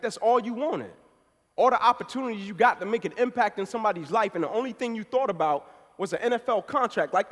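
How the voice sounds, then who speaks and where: A man in his thirties giving a passionate motivational speech, telling his story and building to forceful, emphatic peaks. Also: high-pitched. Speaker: motivational speaker. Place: event hall. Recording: speech in a reverberant hall.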